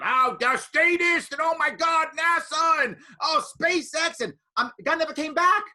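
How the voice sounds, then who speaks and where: A man from the United States talks casually to a student group, his voice bright and forward and his pitch swinging widely. He is animated, jumping into other people's voices when he tells a story, with a slightly higher pitch than most men. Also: breathy edge. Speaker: political speaker.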